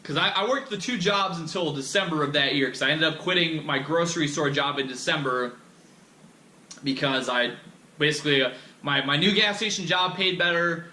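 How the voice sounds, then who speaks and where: Forceful young man rambling, echoey room. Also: fairly high pitch, moderate pace, a little hiss or hum. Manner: rambling and profane, with many fillers and restarts. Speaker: podcast host. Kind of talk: candid personal storytelling.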